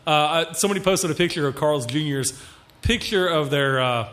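A man co-hosting a casual podcast chat, opinionated and pausing with fillers. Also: on the high side, a bit bright. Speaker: podcast co-host.

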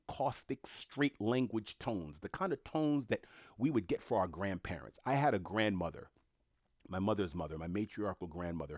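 Male commentator, low and dry, blunt and emphatic, talks straight to camera. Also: a little mellow, slightly rough, dry recording. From Haitian family. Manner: blunt, emphatic, repeats himself. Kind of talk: casual monologue commentary.

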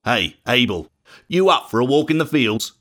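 A man's voice: medium pitch, sing-song, moderate pace, a bit bright, pitched below the performer's own voice. A man doing bitter, sullen Cain. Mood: casual. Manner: sullen, complaining.

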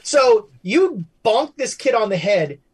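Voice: medium pitch, very animated, slow, husky, rough recording. A game master running a tabletop horror game for players, talking loosely with many fillers and restarts.

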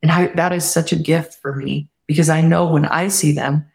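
A woman guest telling a personal story earnestly, often quoting what others said, and reflecting warmly on faith. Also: low voice, fairly even intonation, normal speed, vocal fry. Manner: earnest, heartfelt retelling with quoted dialogue; warm spiritual reflection. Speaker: podcast guest.

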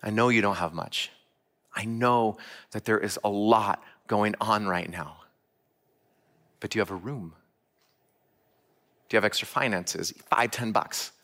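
A man's voice: fairly low pitch, normal speed, a bit bright. A man giving a sermon, telling a personal story earnestly and asking the listeners direct questions. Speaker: church speaker.

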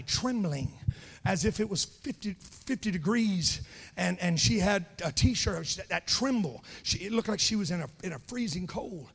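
High, gravelly-voiced preacher. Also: male voice, big-room sound. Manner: passionate, builds to shouting. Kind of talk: storytelling sermon. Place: church.

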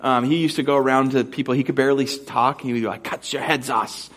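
Talking very fast in a mid-range voice, a young adult pastor kicks off his sermon with an animated, self-mocking personal story that's meant to be funny, then moves into scripture.

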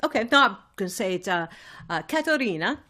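A woman's voice: medium pitch, very animated, brisk, pushed and bright. A woman playing in a tabletop game, eager but hesitant as she introduces her character. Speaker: player. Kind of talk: casual chat.

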